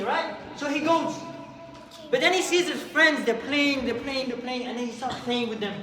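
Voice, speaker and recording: Lively man telling a story to kids. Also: very high-pitched, normal speed, a crowd in the background. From England. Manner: lively, asks the kids questions, acts out voices. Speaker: youth speaker. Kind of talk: storytelling talk to children. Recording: echoey hall, far mic, faint background hum.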